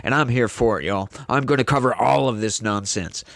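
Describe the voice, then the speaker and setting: A man's voice: medium pitch, a little fast, gravelly, fairly bright tone, dry recording. A man hosting a casual political commentary show, speaking emphatically and indignantly straight to his viewers.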